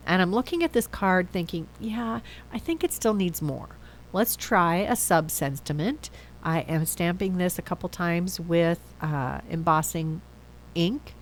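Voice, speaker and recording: This card-making video host is a woman whose cold has left her nose stuffy, and she chats casually while thinking out loud and fixing her own words. Her voice runs low, with a faint hiss or hum in the background.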